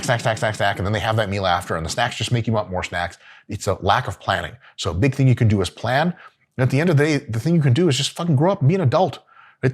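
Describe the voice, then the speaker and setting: A middle-aged man hosting, giving profane, joking diet advice with bursts of mock outrage. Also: mid-range voice. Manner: brash, swearing, jokey, swings into mock outrage. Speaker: host. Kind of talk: profane comedic advice talk.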